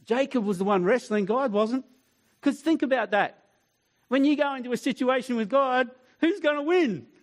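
Man, sermon, high-pitched, storytelling, soft tender passages. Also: moderate pace. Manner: storytelling, acts out voices, drops to soft tender tone. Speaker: pastor.

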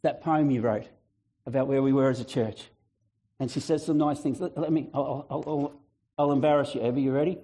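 A male pastor preaching a lively sermon, acting out voices and chatting with the congregation. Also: mid-range voice, brisk. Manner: animated, acts out biblical voices, chatty asides; fluent, breaks into a shout.

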